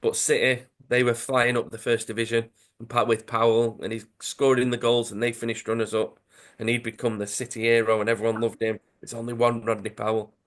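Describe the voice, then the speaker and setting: A man's voice: medium pitch, little pitch movement, fairly quick, fairly bright tone. Man retelling a comic story. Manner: storytelling, enthusiastic. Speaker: podcast co-host. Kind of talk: casual chat, retelling a comic.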